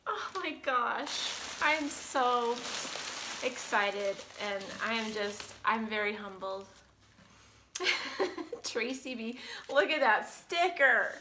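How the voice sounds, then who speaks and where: A woman's voice: fairly high pitch, animated, slow pace, sharp tone, echoey room, slight background noise. A woman vlogger opening fan mail in casual chat, gushing and emotional, close to tears.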